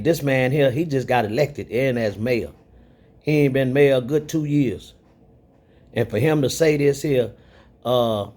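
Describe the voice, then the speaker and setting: A man's voice: mid-range voice, a little mellow. A man giving ranting commentary, rambling and repeating himself, heated and profane.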